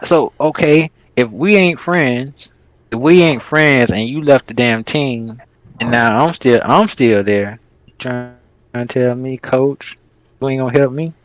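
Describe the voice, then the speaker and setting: A man's voice: medium pitch, slow, poor audio. A man co-hosting a casual podcast, ranting in a heated, profane, rambling way. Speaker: podcast host.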